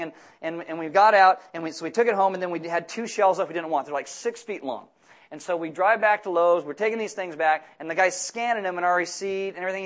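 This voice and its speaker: Animated, high-voiced man preaching. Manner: animated, jokey storytelling, loud emphatic outbursts. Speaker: pastor. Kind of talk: sermon with humorous asides.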